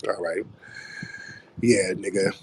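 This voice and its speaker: A man's voice: sits low, steady tone, takes it slowly, a little mellow, slightly rough. A man hosting a live audio chat room, confronting callers in a mocking, combative way. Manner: confrontational, mocking, repeats "brother". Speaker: host.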